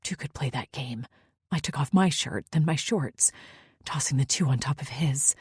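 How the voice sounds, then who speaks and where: A woman's voice: rumbling low, normal speed, a little mellow, breathy edge, dry recording, studio quality. A woman narrating a first-person romance audiobook in an intimate, often near-whispered manner.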